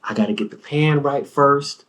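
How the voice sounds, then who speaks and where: A man imitating a laid-back male friend who drawls slowly and quietly in a low, hushed way. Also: natural voice. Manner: drawling, hushed, matter-of-fact.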